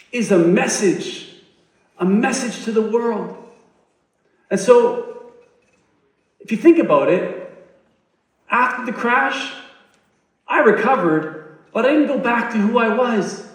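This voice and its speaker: A man with a fairly high voice gives an earnest inspirational stage talk, swelling to emphatic peaks. He sounds distant, picked up from the audience in a big, very echoey hall. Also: expressive, slow, pauses often. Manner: earnest, building to emphatic peaks and soft endings. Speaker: TEDx speaker. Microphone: recorded from the audience on a phone.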